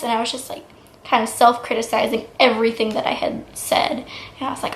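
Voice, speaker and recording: A young woman in her twenties vlogging casually, chatty and excitable with lots of "like" fillers. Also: on the high side, moderate pace, slight background noise. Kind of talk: casual vlog storytelling. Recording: echoey room.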